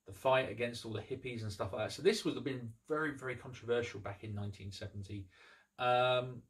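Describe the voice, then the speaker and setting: A man talking through a film's story for his review channel, in an easygoing, unscripted way. He often pauses on ums and restarts his sentences, and his voice sits at an ordinary middle pitch. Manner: relaxed plot retelling, frequent ums and restarts. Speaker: movie review host. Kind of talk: casual spoken movie review.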